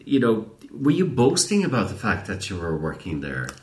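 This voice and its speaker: A man asks questions with a very animated, swooping pitch. He stumbles and repeats words as he goes, and his voice carries a roomy echo. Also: normal speed. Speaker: interviewer. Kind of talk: casual interview.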